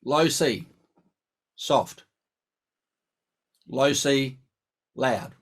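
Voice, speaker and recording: A man's voice: mid-range voice, very slow. A man teaching brass in a live online lesson, chatty and instructive, thinking aloud as he explains.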